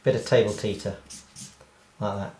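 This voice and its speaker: A man's voice: on the low side, fairly even intonation, moderate pace, a little mellow. A man, a cartoonist, talking through a casual drawing tutorial in a rambling, self-deprecating way and laughing at his own jokes. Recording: roomy echo.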